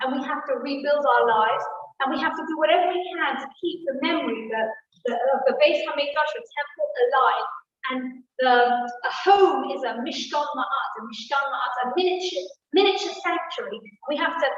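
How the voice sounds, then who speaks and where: High-voiced woman in an echoey hall. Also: a bit bright, distant mic, lo-fi sound, a little hiss or hum. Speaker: congregant giving a talk. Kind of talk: spoken talk on mourning. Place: synagogue hall.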